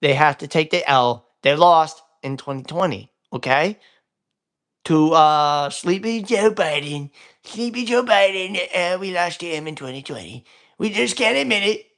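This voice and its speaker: A man's voice: on the high side, lively intonation, moderate pace, fairly bright tone, clear, resonant tone. A man hosting a livestream, rambling through political commentary with lots of fillers and swearing. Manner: rambling, crude, many fillers. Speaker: livestream host. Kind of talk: casual political commentary stream.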